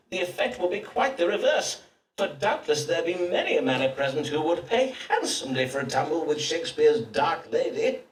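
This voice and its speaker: A pompous astrologer-physician of the Elizabethan age, pronouncing in archaic, formal English. His voice is slightly high and very lively in melody. It sounds roomy and set back from the mic, with faint ambience behind. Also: a little hiss or hum. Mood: sly. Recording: roomy distant game audio with faint ambience.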